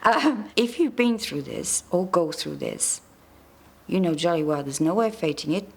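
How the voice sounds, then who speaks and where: English woman with a speech disorder that makes her sound french, voice sits a bit low, interview. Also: animated, moderate pace, breathy edge. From England. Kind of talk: interview answers.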